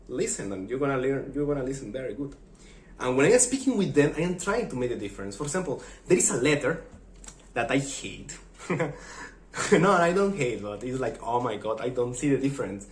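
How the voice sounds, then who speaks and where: Speaking briskly in a mid-range voice, a Spanish-speaking Mexican man with a Mexican accent chats casually on his vlog. The room sounds echoey, and he gets animated acting out funny quoted exchanges.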